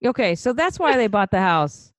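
A woman's voice: mid-range voice, big pitch swings, normal speed, no room sound. A woman co-hosting a podcast, playing the joking skeptic who interrupts and swears freely. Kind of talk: casual banter.

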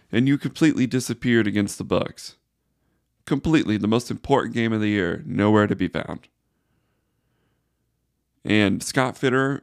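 A man's voice: medium pitch, creaky, no echo, studio quality. A man hosting a solo sports podcast, ranting in exasperated frustration. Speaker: podcast host.

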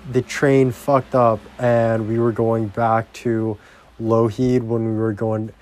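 A man's voice: mid-range voice, level tone, a little mellow. A young man ranting casually and profanely on a vlog, rambling from topic to topic. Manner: rambling, heavily profane, slow-paced. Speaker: vlogger.

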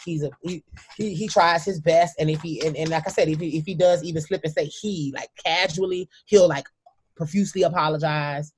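A woman telling a heartfelt personal story as a guest, emphatic and sometimes halting, often speaking straight to the listeners. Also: low voice, fairly even intonation, breathy edge.

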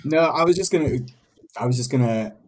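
A man's voice: mid-range voice, expressive, fairly quick. A man co-hosting a panel who asks questions in a loose, rambling way, full of "like" and "you know". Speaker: co-host working in esports and gaming. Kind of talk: casual panel conversation.

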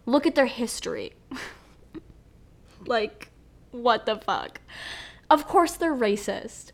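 A young woman with a fairly high voice hosts a solo podcast. She rants in a profane, animated, rambling way, swinging between loud outbursts and quiet asides. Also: slow pace, long pauses. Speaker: podcast host.

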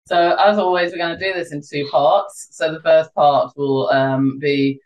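A podcast host interviewing a guest in a friendly, casual way, pausing with ums. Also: mid-range voice, steady tone, dull audio.

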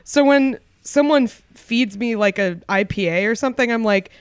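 A woman's voice: a little high, normal speed, few pauses, smooth, no room sound, studio quality. A young woman co-hosting a podcast in casual chat, playful and teasing, laughing often. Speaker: podcast co-host.

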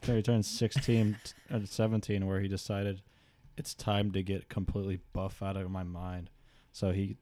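Young man, podcast co-host, very low voice, dark tone, dry humor. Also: level tone, normal speed, a little hiss or hum. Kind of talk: casual chat.

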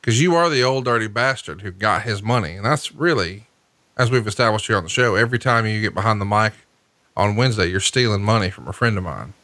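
Teasing podcast host, dry close sound. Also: male voice, on the low side, lively intonation, fast talker, sharp tone, dry recording. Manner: teasing, needling, sarcastic. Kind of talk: casual podcast banter.

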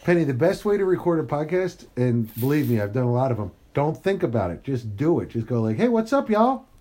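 Playful dad hosting a podcast. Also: male voice, medium pitch, lively intonation, dark tone. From United States. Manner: playful, teasing, talks quickly with his kids. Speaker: podcast host and father. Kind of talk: casual family chat.

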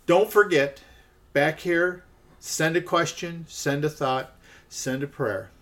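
A man's voice: a little high, slow, a bit bright. A man giving a conversational podcast Bible teaching, often checking in with "okay" and stressing the quoted lines.

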